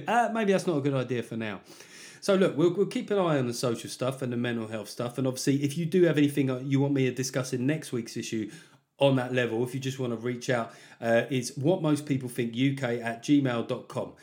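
A comedian talks through a podcast monologue in a chatty, jokey way, poking fun at himself. His voice sits at a middling pitch for a man. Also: fairly quick, a little mellow. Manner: chatty, jokey, self-mocking.

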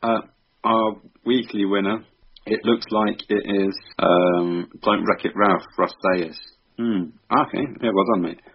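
Deep husky male podcast co-host. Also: steady tone, unhurried, lo-fi sound. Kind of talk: casual chat.

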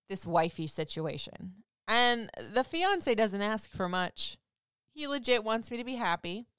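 A woman in her thirties, a radio host, talking candidly and chattily in a casual monologue, getting loud for emphasis and dropping soft for asides. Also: mid-range voice, clear, resonant tone, no echo, clean studio sound.

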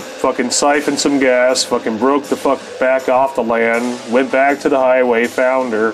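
A man's voice: mid-range voice, rough recording. A man telling a story as a podcast host, with loose, rambling, heavily profane casual talk and frequent laughs.

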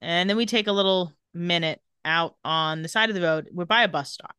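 Bright-voiced woman recapping a show. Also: fairly low pitch, a little fast, clean tone, no room sound, clean studio sound. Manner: animated retelling with quoted dialogue. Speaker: podcast co-host recapping a TV episode. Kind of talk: casual chat, retelling scenes.

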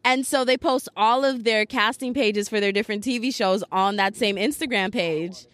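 A woman hosting a podcast in casual chat, telling a story in an animated, chatty way with lots of fillers. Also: mid-range voice, moderate pace, dry recording. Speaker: podcast host.

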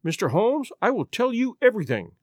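A man's voice: high voice, big pitch swings, moderate pace, no room sound, studio quality. A man reading a story aloud, voicing a desperate young noblewoman who pleads emotionally to save her marriage. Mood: pleading. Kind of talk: audiobook reading.

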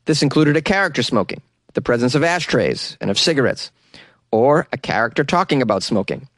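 A man's voice: medium pitch, animated, brisk, a bit bright, dry recording, studio quality. Sarcastic American man riffing on news. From United States. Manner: sarcastic, laughs often, reads out news and riffs on it. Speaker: news commentary host. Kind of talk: casual news commentary.

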